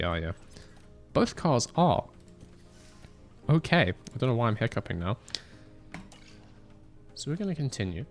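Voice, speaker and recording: A man's voice: medium pitch, fairly bright tone. A young man streaming a racing management game, chatting casually with joking banter and mock outrage. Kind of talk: casual live-stream chat.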